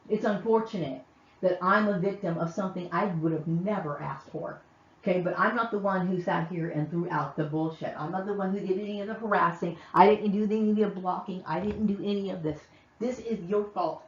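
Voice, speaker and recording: A woman hosting her own channel, ranting heatedly to camera and repeatedly asking "okay?". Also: medium pitch. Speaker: channel host. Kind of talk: angry vlog rant to camera. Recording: echoey, distant, muffled room sound.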